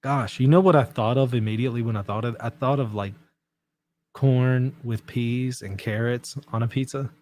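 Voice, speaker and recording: A man hosting a livestream, reading out viewer comments in relaxed, self-mocking chat and laughing often. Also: mid-range voice, moderate pace. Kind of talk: casual chat.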